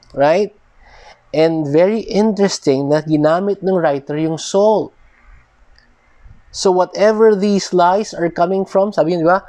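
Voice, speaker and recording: A Filipino man delivers a sermon in a mellow, warm voice pitched a little high for a man. He slows to a measured, weighty pace when quoting verses and hurries through casual asides. The sound is dry and close, with no room around it. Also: no room sound. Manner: switches between slow emphatic reading and quick asides. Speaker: preacher.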